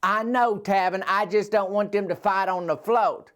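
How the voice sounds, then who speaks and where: A flustered old grandmother with a high, insistent voice, as a man puts her on. She frets and presses her point, sounding worried but stubborn. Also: steady tone, normal speed, fairly bright tone. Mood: fretful.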